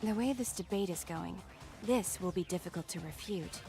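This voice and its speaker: An actress voicing a calm, reasoning young woman detective in a game, over faint music. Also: lowish voice, natural voice. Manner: measured and reasoning.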